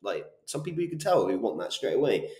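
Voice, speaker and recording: A man in his twenties with a Bristol accent, a guest on an interview show, telling stories in a brisk, animated way with casual swearing. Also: fairly low pitch. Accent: Bristol English. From Bristol, England. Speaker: guest, property business owner. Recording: roomy echo.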